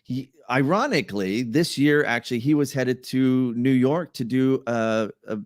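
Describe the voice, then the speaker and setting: A man's voice: medium pitch, measured pace, no echo, clean studio sound. A man hosting a casual video-call chat, asking questions and chiming in with short replies. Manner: eager interviewer, lots of short backchannels. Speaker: host.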